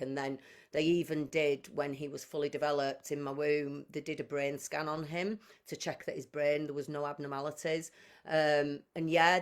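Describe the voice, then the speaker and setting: A woman, a podcast guest sharing her life story emotionally and acting out past conversations. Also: sits low. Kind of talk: personal storytelling.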